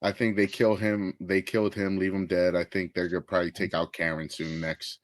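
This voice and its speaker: A man's voice: low voice, flat delivery, brisk, no echo. A man co-hosting a casual podcast chat, earnestly recounting scenes and dialogue at length. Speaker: podcast co-host.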